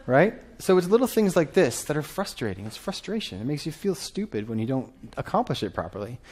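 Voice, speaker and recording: A man in his thirties giving a lively conference talk from a stage, often asking the audience questions. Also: fairly high pitch, quick pace, hardly any pauses. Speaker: conference speaker.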